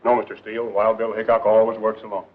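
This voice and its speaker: An actor playing a confident, folksy gunslinger marshal with an easy drawl, in 1940s serial style. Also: male voice, lowish voice, flat delivery, fast, natural voice. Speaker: frontier marshal. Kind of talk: 1940s film serial acting. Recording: muffled old film soundtrack with hiss.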